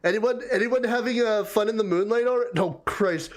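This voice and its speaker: A man's voice: high-pitched, brisk. A man hosting a casual livestream, chatting and laughing as he greets viewers and reads their comments aloud. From Canada. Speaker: livestream host. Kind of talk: casual live chat reading viewer comments.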